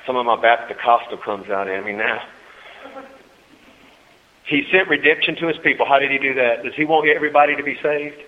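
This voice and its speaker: A man preaching a sermon to a congregation, swinging between soft asides and loud, high-pitched exhortation and calling for amens. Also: normal speed, pauses often. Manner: talks with the congregation, calls for amens. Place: church hall. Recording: tinny phone-like recording in a reverberant hall.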